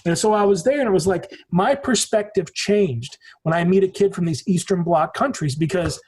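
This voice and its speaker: A man in his forties from the United States, appearing as a podcast guest, tells stories in casual conversation, rambling, emphatic, and swearing freely. His voice sits high and is a little mellow with a breathy edge, at a moderate pace.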